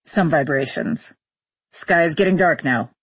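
A woman voicing a calm male astronaut giving short, matter-of-fact reports from a rocket. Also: low-pitched, measured pace, husky, no room sound, pitched below the performer's own voice, heavily acted. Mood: clipped.

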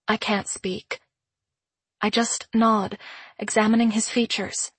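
A woman narrating a first-person audiobook in a measured, introspective way. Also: medium pitch, little pitch movement, breathy edge, no echo.

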